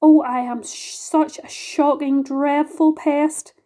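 A woman's voice: high voice, steady tone, takes it slowly. Woman voicing a gleeful, boastful centipede. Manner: gleeful, loud. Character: boastful cheeky male centipede.

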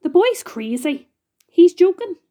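A frantic storybook earthworm, as a woman reading aloud puts it on, with a shrill, high squeak that pleads and panics. The voice jumps far above the reader's own mellow tone, with a soft, unhurried delivery underneath. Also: big pitch swings. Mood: alarmed.

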